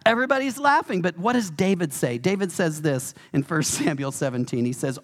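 A man preaching a sermon as pastor, emphatic and animated, with touches of humor. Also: on the high side, fairly quick, hardly any pauses.

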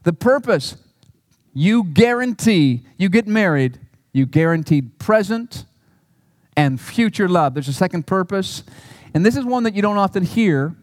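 A middle-aged man preaching a sermon as a pastor, earnest, with emphatic peaks and soft low asides. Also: expressive, measured pace, dry recording.

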